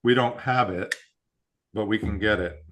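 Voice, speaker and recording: A man hosts a whiskey club tasting in casual chat, his voice low-set but bright and forward. He reads out proofs and mash bills in an easy, unhurried way.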